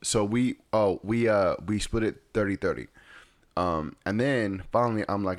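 A man's voice: on the low side, animated, moderate pace, no echo. A man casually telling a rambling story at home, often checking in with his listeners. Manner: rambling, repeats "right?". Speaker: vlogger.

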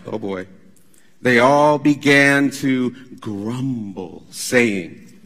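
A pastor delivering a sermon, emphatic and conversational, with asides to the congregation. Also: male voice, mid-range voice, a bit bright, slightly rough, in a large hall.

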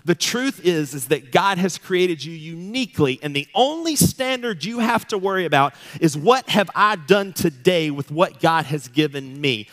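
A man's voice: fairly high pitch, fairly bright tone. A man in his thirties preaching a sermon as pastor, emphatic and repetitive, building to fervent declarations. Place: church sanctuary. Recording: long reverb of a large hall.

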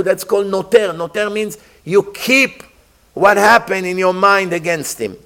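A man's voice: sits high, moderate pace, fairly bright tone. A man teaching a Torah class, asking his listeners rhetorical questions and mixing Hebrew terms into his English. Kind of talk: religious class.

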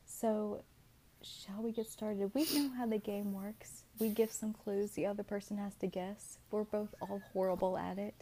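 A woman's voice: mid-range voice, level tone, moderate pace, warm tone. A young woman co-hosting a podcast from home, chatty and rambling, still getting over being sick. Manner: chatty, rambling, self-aware. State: recovering from illness. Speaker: podcast co-host. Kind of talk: casual podcast chat. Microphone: home computer mic, remote recording.

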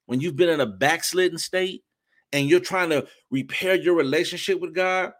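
A man's voice: a little high, normal speed. Fervent preaching man. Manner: fervent, with loud bursts of praise and call-outs; shifts between soft reflection and shouting. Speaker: preacher giving a testimony. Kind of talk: impassioned sermon.

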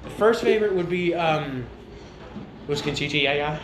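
A man's voice: a little high, lively intonation, moderate pace. A young man co-hosting a casual podcast, rambling and laughing often as he recalls favorite scenes. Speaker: podcast co-host. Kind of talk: casual chat. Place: home bedroom. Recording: echoey room with background noise.

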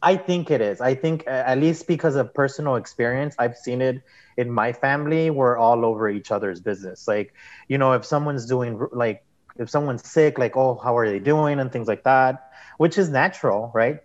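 A mid-range male voice at a moderate pace rambles through a personal story, dropping "like" again and again. He's chatting casually as an interview guest, and the audio has a dull, muffled quality.

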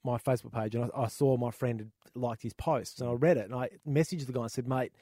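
A man's voice: mid-range voice, fairly even intonation, fast, dark tone, no room sound, clean studio sound. Exasperated Australian man ranting casually. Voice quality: swears freely, exasperated ranting. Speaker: podcast co-host. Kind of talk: casual chat.

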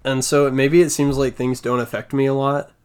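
A young man in casual conversation, speaking in a fairly monotone, quiet way and laughing often. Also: medium pitch, normal speed, clear, resonant tone. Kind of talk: casual chat.

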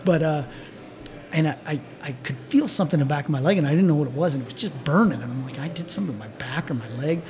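An older man with a fairly high voice tells a story in a loose, rambling way. He restarts his sentences often and laughs lightly as he talks. His tone is casual and friendly. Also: fast talker, darkish tone. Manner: rambling, with frequent restarts and chuckles. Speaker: guest, team doctor.

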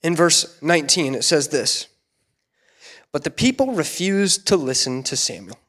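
A man preaching a sermon in a church, animated and playful, acting out voices in quotes. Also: fairly high pitch, measured pace, long pauses. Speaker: pastor.

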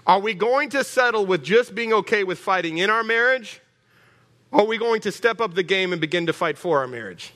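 A male pastor preaching an animated, humorous sermon that rallies the congregation. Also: high voice, in a large hall. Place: church hall.

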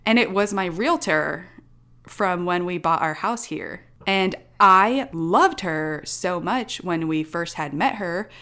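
A young woman telling a personal story in casual chat, animated and laughing often as she talks. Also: on the low side, slow.

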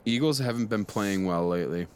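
Joking male co-host with a lowish voice. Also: brisk, slight background noise. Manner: joking, swears casually. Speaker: podcast co-host. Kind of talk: casual chat.

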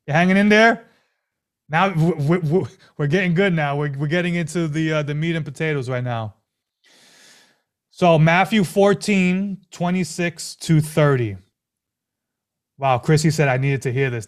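A man preaching a sermon as pastor, animated and full of rhetorical questions and repeated phrases. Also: on the high side.

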